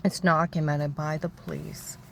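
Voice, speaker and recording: A woman telling a long, rambling, agitated story about her own grievances, repeating herself and acting out other people's shouting. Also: low voice, level tone, measured pace, vocal fry, a little hiss or hum, rough recording. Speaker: storyteller recounting personal grievances. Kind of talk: rambling personal monologue.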